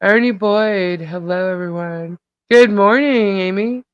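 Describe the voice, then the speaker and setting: A woman hosting a live stream, casually greeting chat viewers by name, her voice a little hoarse and laughing often. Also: mid-range voice, unhurried, no room sound. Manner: chatty, laughs often, reads out viewer names. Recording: dull lo-fi stream audio.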